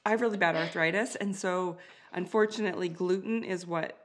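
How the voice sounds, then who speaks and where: A woman's voice: lowish voice, a little fast. A woman in her forties hosting a casual interview, upbeat and enthusiastic, laughing easily. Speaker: podcast host.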